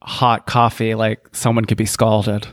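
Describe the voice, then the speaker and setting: A young man co-hosting a podcast in casual chat, playful and theatrical with drawn-out emphasis. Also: on the low side, little pitch movement, no echo, studio quality. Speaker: podcast co-host.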